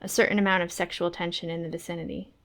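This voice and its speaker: A woman's voice: fairly low pitch, little pitch movement, fast, fairly bright tone. A woman on a book club stream reading a first-person novel aloud in a wry, conversational way.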